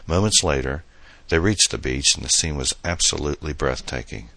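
A man reading an audiobook novel as narrator, in steady, measured storytelling. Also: rumbling low, no echo. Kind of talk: scripted narration.

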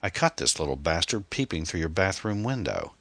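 A man voicing an angry, rough middle-aged man who talks harshly and scornfully. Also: low voice, very animated, brisk, fairly bright tone, no echo, exaggerated voice.

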